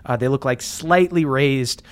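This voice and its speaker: A man's voice: mid-range voice, a little slow. A man narrating as game master in a tabletop game, describing scenes loosely with plenty of "like" and "um". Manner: relaxed, loose narration full of "like" and "um".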